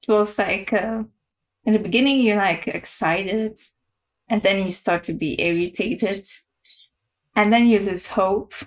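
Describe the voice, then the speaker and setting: A young woman with a Romanian background, commenting casually on a game she plays, swearing and excitable, full of fillers. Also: medium pitch, measured pace, rough recording. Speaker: game streamer.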